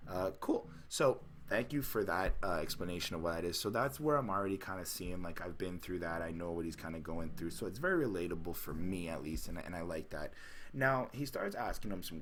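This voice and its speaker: A man's voice: low-pitched, slight background noise. A man casually reviewing an album track by track, rambling with many fillers and restarts. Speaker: podcast co-host reviewing an album.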